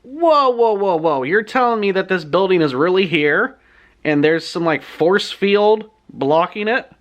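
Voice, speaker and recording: A man voicing a blunt, skeptical teenage girl who exclaims in quick bursts. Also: high-pitched, fairly bright tone, lo-fi sound. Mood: incredulous. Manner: exclaiming, rapid "whoa whoa".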